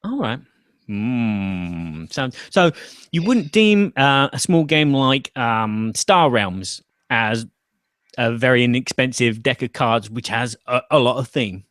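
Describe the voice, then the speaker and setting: A man's voice: mid-range voice, animated, slow pace, a bit bright, dry recording, clean studio sound. A man hosting a casual chat about board games, thinking aloud with fillers and restarts. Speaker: podcast host.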